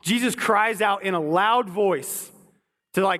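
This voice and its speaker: A man's voice: sits high, takes it slowly, pushed and bright, long reverb tail. A man preaching a sermon as pastor, earnest, often repeating words as he builds a point.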